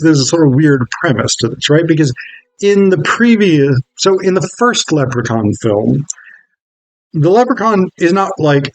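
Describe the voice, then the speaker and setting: A man's voice: medium pitch, no echo, poor audio. Casual swearing film reviewer man, dry sound. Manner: casual, swears freely, wry. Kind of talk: casual video essay commentary.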